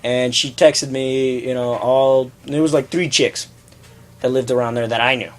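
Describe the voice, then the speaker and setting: A young man co-hosting a casual, crude chat show, animated and laughing, jumping between topics. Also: medium pitch, normal speed. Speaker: podcast co-host.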